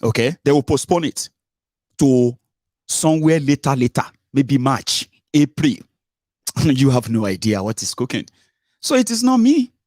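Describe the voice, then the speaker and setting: A man's voice: medium pitch, a little slow, a little mellow, no echo, clean studio sound. A Nigerian man with a Nigerian accent, mixing in Pidgin and Yoruba, giving an emphatic, mocking political monologue full of rhetorical questions. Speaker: political commentator.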